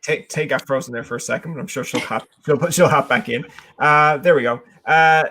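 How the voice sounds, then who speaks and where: A man's voice: a little high, a little fast, sharp tone, slight background noise. A man hosting a casual interview chat, joking and acting out imagined dialogue in shifting voices. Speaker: podcast host.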